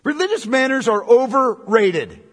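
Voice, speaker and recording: A male pastor preaching a sermon with passion, going from loud cries to hushed tones. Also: extremely high pitch, sing-song, measured pace. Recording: long reverb of a large hall.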